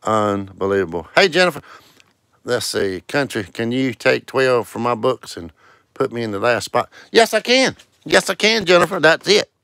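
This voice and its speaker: A man's voice: medium pitch, very animated, moderate pace, gravelly, bright, forceful tone, dry recording, studio quality. A man hosting a casual live stream, greeting viewers one by one in a sing-song way and calling out scratch-ticket numbers. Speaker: livestream host.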